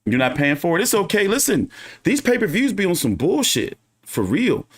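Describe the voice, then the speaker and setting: A man's voice: high-pitched, sing-song, normal speed, breathy edge. Profane, ranting male boxing streamer. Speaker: boxing channel host. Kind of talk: casual livestream commentary.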